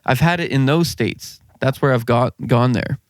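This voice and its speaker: A man's voice: medium pitch, moderate pace, dry recording. Male podcast co-host, rambling casual talker, dry close mic. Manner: rambling, searching for words. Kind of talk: casual chat.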